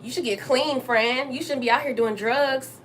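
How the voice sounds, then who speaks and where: A young woman hosting a casual livestream from her kitchen while she cooks, chatting straight to her viewers and jumping up high to greet them. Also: moderate pace, a little hiss or hum. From Texas. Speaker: livestream host. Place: home kitchen.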